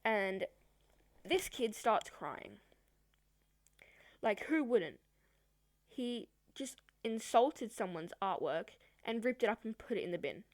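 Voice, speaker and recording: A woman's voice: medium pitch, sing-song, slow pace, long pauses, no room sound, clean studio sound. A woman vlogger telling a personal story in a chatty, rambling way, with many fillers. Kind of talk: storytime vlog.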